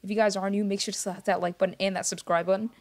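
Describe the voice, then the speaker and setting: A young man races through his words in a high voice with little pitch variation. Streaming a game live, he chats with viewers in a meandering, distracted manner and says sorry a lot, sometimes dropping his voice to stay quiet.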